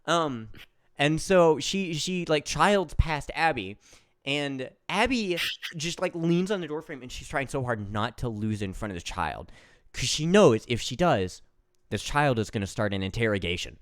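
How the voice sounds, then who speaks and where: A man's voice: mid-range voice, a little slow, clean tone, no echo, studio quality. A man co-hosting a podcast, telling a funny family story in a playful, casual way. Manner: animated, playful. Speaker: podcast co-host.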